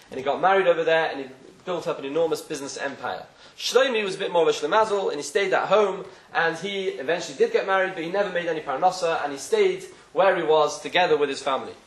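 A man's voice: on the high side, fast, hardly any pauses, reverberant, poor audio. A man telling a parable as part of a sermon, acting out the characters' voices as he goes. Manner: animated storyteller, acts out voices in quotes. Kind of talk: sermon with storytelling.

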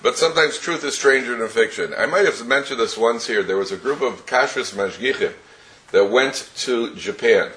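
Male Torah teacher, mid-pitched voice, animated storyteller who stumbles and laughs. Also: normal speed. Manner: animated storyteller, many restarts and chuckles.

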